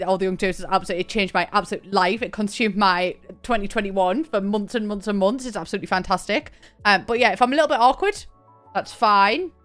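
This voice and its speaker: A woman's voice: medium pitch, fairly bright tone, smooth. A young woman chatting casually on a live stream, thanking viewers by name and laughing often. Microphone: desk mic, camera on.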